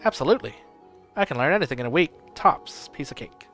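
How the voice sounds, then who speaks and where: A man's voice: fairly high pitch, animated, fast talker, a bit bright, faint music behind. A man voicing a young female servant who talks timidly and stammers. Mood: eager.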